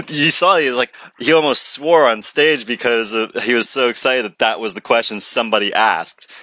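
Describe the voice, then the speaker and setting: A man commenting excitedly on a conference video, rambling with many restarts and jokes. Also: mid-range voice, no echo.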